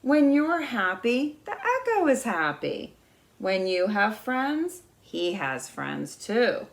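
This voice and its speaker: A woman's voice: medium pitch, very animated, slow, gravelly, exaggerated voice. Wise old beaver, as a woman reads him. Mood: patient. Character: wise old male beaver, calm and kindly.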